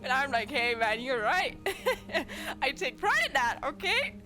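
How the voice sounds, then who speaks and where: Giggly high-pitched woman streamer. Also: sing-song, measured pace, over music. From Germany. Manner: giggly, laughs at her own jokes. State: sleepy, laughing to tears. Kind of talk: casual chat with viewers.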